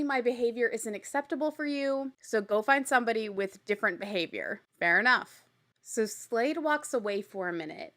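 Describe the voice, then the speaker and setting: A woman hosting a recap show, telling the story in a chatty, blunt way with casual swearing and animated exasperation. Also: a little high. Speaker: podcast host recapping a reality show.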